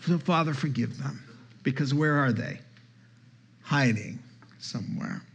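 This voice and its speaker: A man's voice: mid-range voice, measured pace, creaky, husky. A male pastor delivers a sermon with emphatic energy. He quotes scripture and turns aside to talk casually with his congregation.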